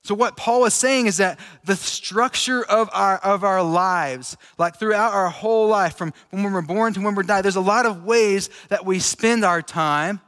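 A man preaching a relaxed, chatty sermon to a room of listeners, laughing easily as he talks. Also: sits high, unhurried, hardly any pauses. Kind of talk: casual conversational sermon. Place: large room with an audience. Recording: echoey hall with long reverb.

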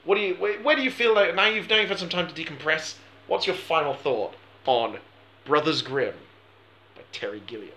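Man, podcast host, bright forceful tone, slightly high voice, chatty and rambling, laughs a lot. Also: brisk, roomy sound, a little hiss or hum. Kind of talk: casual film podcast chat.

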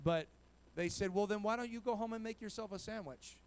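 A pastor with a high-pitched, brisk, smooth voice preaches a sermon, sprinkling in "amen" and "praise God" and swinging between quiet asides and loud exhortation.

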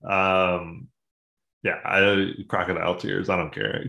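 A man's voice: low voice, fairly even intonation, normal speed, bright, forceful tone, echoey room. A man co-hosting a sports podcast, talking casually and profanely and acting out quoted voices in a joking way. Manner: profane, jokey, acts out quotes. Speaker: podcast co-host.

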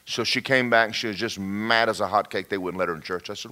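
A man preaching a storytelling sermon, folksy and animated, with joking asides and sudden shouts. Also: fairly low pitch, quick pace.

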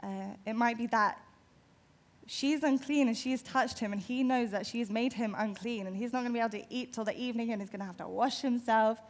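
Brief: female preacher, imaginative narration, a touch high-pitched. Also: fairly quick. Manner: storytelling, vivid and imaginative. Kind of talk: sermon.

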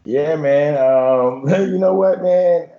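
Relaxed ex-player co-host, casual sports talk, mid pitch, slightly muffled sound. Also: male voice, takes it slowly. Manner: relaxed, lots of "you know" and "man". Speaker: podcast co-host, former football player.

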